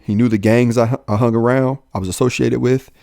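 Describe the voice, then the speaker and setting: A young adult man, a police officer, telling his own life story in an animated way, jumping up in pitch when he quotes people. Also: a little fast, vocal fry, dry recording, clean studio sound. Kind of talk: personal storytelling in a podcast talk.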